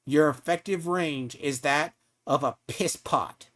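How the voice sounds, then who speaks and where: A man's voice: on the high side, takes it slowly, fairly bright tone. A man streaming a game, ranting at another player in a profane, taunting, mocking way. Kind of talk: heated live-stream rant at a player.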